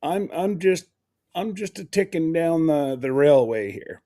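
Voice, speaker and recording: Slow, rambling livestream host. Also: mid-range voice, animated, dark tone. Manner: rambling, laughs often, greets viewers by name. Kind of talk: casual livestream chat.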